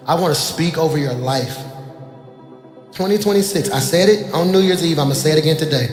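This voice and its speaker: Preaching man with a slightly high voice. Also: expressive, brisk. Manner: conversational preaching, swings between soft talk and loud emphasis. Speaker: pastor. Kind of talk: sermon. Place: church sanctuary. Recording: echoey church hall with music behind.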